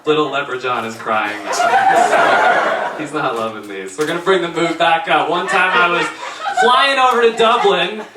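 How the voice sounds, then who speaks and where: A man with a high-pitched voice, performing stand-up on a small theater stage. His delivery is punchy and teasing as he works the crowd. The sound is echoey and distant, with loud noise behind him. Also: lively intonation, measured pace. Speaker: stand-up comedian. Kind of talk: stand-up comedy set with crowd work.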